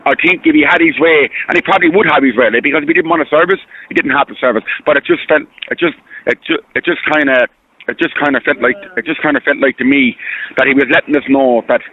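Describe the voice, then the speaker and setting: An Irish man speaks fast over a tinny phone line. He rambles, repeats himself and sounds earnest and hurt. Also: medium pitch. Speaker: caller. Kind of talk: phone-in radio call.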